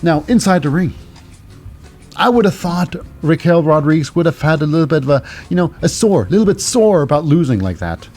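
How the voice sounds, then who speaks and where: A man hosts a podcast and recaps wrestling in a loose, rambling way. His voice sits a bit higher than most men's. He fills his talk with restarts and filler words. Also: big pitch swings, fairly quick, a little mellow, faint music behind. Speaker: podcast host.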